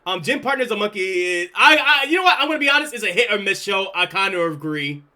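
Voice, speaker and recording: A male streamer with a very high, bright and piercing voice talks casually to his chat. His pitch jumps around a lot as he jokes and laughs his way through a reaction. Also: lively intonation, quick pace.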